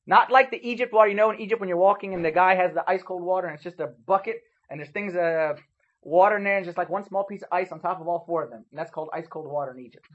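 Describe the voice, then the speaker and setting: A man preaching a sermon, telling stories with lively bursts of loudness and sudden drops. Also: high voice, muffled recording. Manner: animated storytelling with sharp swings in loudness.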